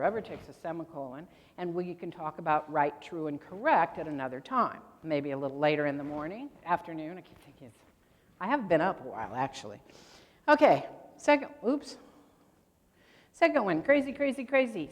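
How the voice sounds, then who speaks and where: A woman's voice: medium pitch, darkish tone. A woman giving a convention talk on grammar, quizzing the audience with questions and playful asides. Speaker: convention speaker. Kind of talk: lecture to an audience. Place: convention meeting room. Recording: long reverb from a large room.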